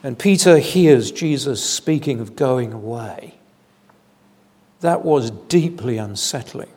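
Slow, solemn male preacher in a reverberant hall. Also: mid-range voice, expressive, a little mellow. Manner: measured, deliberate, with solemn emphasis. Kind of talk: evening sermon.

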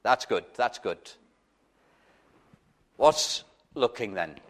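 An unhurried male preacher, mid-pitched, who takes his time over every phrase. He questions his listeners earnestly, now and then tripping over the first sound of a word, and swells into fervent appeals. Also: animated. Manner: stammers on openings. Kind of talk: evangelical sermon.

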